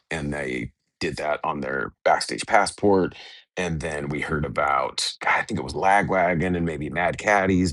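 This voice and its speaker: An American man, a touring band's bassist, chatting casually in an interview from a hotel room, relaxed and rambling with lots of fillers. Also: dry recording. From United States. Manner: relaxed, rambling, many fillers and retold dialogue.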